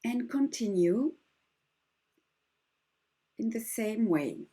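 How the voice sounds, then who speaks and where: This embroidery teacher draws out her words in a voice on the high side, with lively intonation and a breathy edge. She speaks slightly broken English with a French accent, as a second language, gently and patiently leading viewers through a stitch step by step in a slow demonstration.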